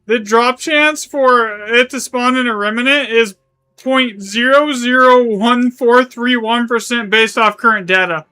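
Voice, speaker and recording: A man's voice: very high voice, a little slow, pushed and bright, smooth. A man streaming a game live, chatting casually in a rambling way, correcting himself as he goes and swearing now and then. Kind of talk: live gaming stream chat.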